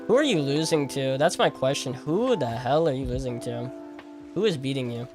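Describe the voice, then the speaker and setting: Music runs under a young man's expressive, medium-pitched voice as he streams a game at a moderate pace. Talking to chat, he's casual and argumentative, incredulous and repetitive, with plenty of slang and "like."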